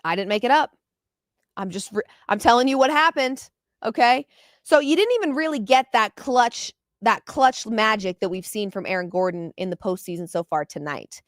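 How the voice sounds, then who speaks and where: A woman's voice: on the high side, moderate pace, no room sound, clean studio sound. A woman hosting a basketball postgame podcast, talking with passion and open emotion, often repeating herself when fired up. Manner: animated, repeats words when excited. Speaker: podcast host.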